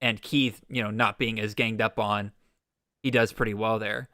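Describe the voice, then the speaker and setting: A man's voice: fairly low pitch, level tone, normal speed, pushed and bright, no echo, clean studio sound. A man hosting a live-streamed fantasy draft, thinking aloud with restarts and playful mock exasperation. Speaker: podcast host.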